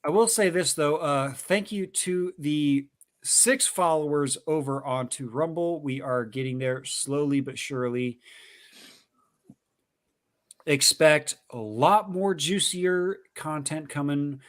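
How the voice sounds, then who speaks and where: A man hosting a casual online stream, tipsy and joking around with deadpan teasing. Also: on the high side, takes it slowly. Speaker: stream host. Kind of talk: casual crude banter.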